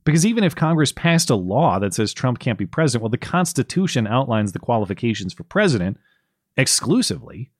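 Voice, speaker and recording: A man's voice: medium pitch, very animated, fairly quick, no room sound, studio quality. A man co-hosting a political commentary podcast, talking casually with sarcastic, wry asides. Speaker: podcast co-host.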